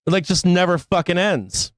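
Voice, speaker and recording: Exasperated, profane trading show host. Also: male voice, sits high, normal speed, no echo, clean studio sound. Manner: exasperated, profane, pleading with viewers, laughs often. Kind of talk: live trading show rant.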